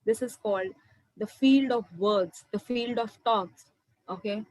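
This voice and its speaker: A woman's voice: on the high side, unhurried, no echo, poor audio. A young woman giving an earnest spiritual talk on meditation, often calling her listeners "my dear friends". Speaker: meditation speaker. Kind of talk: spiritual talk to an online audience.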